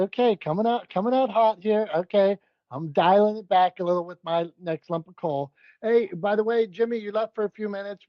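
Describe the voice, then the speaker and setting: A man co-hosting a casual comedy podcast, running the segments in an upbeat way with quick asides. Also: high voice, dry recording, highs cut off. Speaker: podcast co-host.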